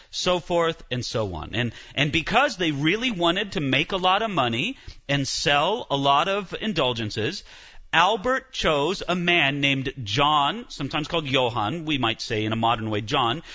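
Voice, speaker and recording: A man giving a church history lecture, telling it as an animated story with frequent restarts. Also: on the high side, lo-fi sound.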